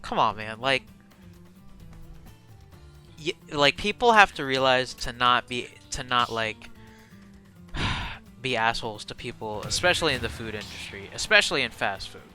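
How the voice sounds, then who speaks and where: A young man streaming to a live chat, telling a casual, slangy and profane story, animated and excitable, swinging from mumbled asides to loud bursts. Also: mid-range voice, moderate pace, pauses often, faint music behind. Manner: slangy and profane, full of fillers.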